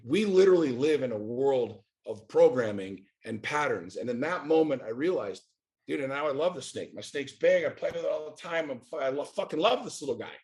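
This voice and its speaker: A man in his forties from the United States, a podcast guest talking in a blunt, emphatic, profane way. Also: mid-range voice. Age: 40s. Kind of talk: casual chat.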